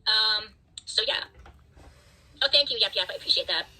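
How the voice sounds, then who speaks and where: A woman's voice: medium pitch, expressive, normal speed, sharp tone, husky, poor audio. A woman hosting a livestream, ranting at her chat in an angry, profane, defiant way. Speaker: livestream host.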